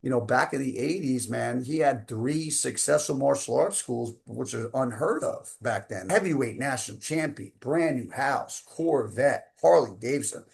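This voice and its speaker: A man's voice: medium pitch, animated, normal speed, creaky, few pauses. A man in his fifties, a coach telling a motivational story with emphatic, casual phrasing. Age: 50s. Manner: emphatic, casual slang such as man and dude.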